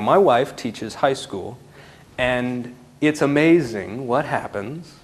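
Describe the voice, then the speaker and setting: A man who works as a parenting counselor, telling a story to a live audience with animated shifts between loud and hushed delivery. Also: mid-range voice, takes it slowly.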